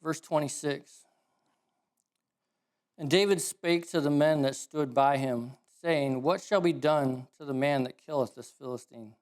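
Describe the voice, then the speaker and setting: A male preacher with a somewhat high voice delivers a sermon. He tells the story in a casual, animated way and stops now and then to correct himself. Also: a little slow. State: emotional.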